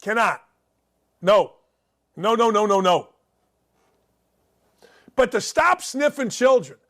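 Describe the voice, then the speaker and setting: A man's voice: high voice, big pitch swings, slow pace, a bit bright. A man hosting a sports talk show, ranting in a sarcastic, mocking way about sports and politics. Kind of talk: opinionated sports and politics rant.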